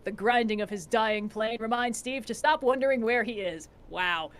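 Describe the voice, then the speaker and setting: A woman with a slightly high voice reads stage directions aloud on a stream. She moves briskly through the action lines and breaks off now and then for wry, snarky asides. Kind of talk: casual screenplay read-aloud.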